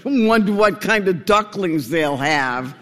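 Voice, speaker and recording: A man's voice: sits high, animated, slow, sharp tone, in a large hall, heavily acted. A man voicing a flock of gossiping ducks who snicker and mock. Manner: snickering, mocking.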